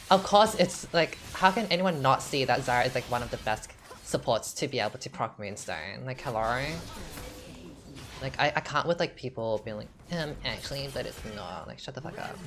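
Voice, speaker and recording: Sassy low-voiced woman streaming a game. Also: moderate pace, a bit bright, a little hiss or hum. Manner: chatty, sassy, filler-heavy with lots of "like". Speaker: gaming streamer. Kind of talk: casual gameplay commentary. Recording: game music playing behind.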